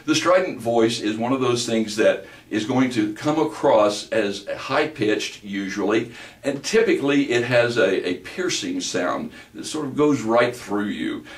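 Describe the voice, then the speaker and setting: A man with a deep bass voice giving a measured, explanatory lecture on vocal delivery. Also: animated. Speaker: voice instructor. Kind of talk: recorded lecture with vocal demonstrations. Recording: roomy, distant mic.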